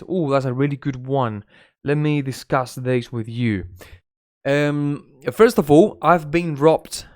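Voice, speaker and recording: A Spanish-accented man, Spanish his first language, teaching English in a loose, gossipy way that slides into Spanish. His voice sits in a middle pitch. It is recorded close and dry, with no room sound. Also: slow pace, a little mellow, no room sound. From Spain. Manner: chatty, gossipy, swears, mixes Spanish into English. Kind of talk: casual live-stream English lesson.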